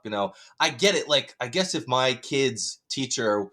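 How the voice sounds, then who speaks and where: Man, podcast co-host, casual chat, rambling, hedging, laughs often, mid pitch. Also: expressive, a little slow, bright, forceful tone. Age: adult parent.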